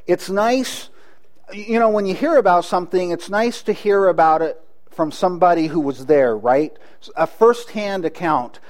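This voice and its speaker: A man's voice: sits high, normal speed. A man preaching a sermon, earnest, with frequent restarts and rhetorical questions to the congregation. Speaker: pastor.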